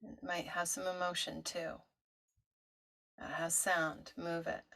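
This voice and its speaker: A woman teaching a vocal toning practice, talking listeners through it in a gentle coaching way and showing the sounds herself. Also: flat delivery, slow pace, creaky. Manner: gentle coaching, demonstrates high owl-like hoo tones. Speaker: meditation teacher. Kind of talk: guided toning instruction.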